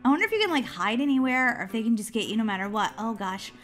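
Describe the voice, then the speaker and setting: A woman hosting a gaming channel, giving excitable let's-play commentary, giggling and shrieking when chased. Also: on the high side, quick pace, soft background music.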